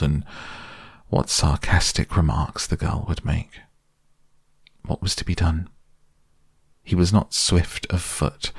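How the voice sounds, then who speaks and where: Male storybook narrator: very low, gravelly, measured and expressive. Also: dry recording, studio quality.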